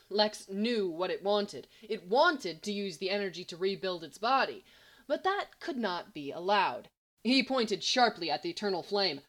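Brief: a woman reading fiction aloud, measured and even. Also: medium pitch. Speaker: story reader. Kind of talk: read-aloud fan fiction narration.

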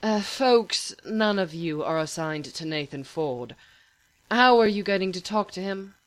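A woman reading a calm, patient male therapist who speaks smoothly. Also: lowish voice, a little slow, no room sound.

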